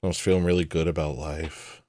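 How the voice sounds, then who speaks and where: A man's voice: very deep voice, flat delivery, fairly quick, mellow, no room sound, studio quality. A man hosting a livestream show, telling a personal story in a casual, rambling way with frequent restarts.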